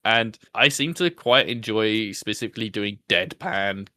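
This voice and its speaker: A man's voice: on the low side, expressive, unhurried, bright, forceful tone. A man, the host of a podcast, chatting casually about his show, self-deprecating and laughing often. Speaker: podcast host being interviewed. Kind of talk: casual chat.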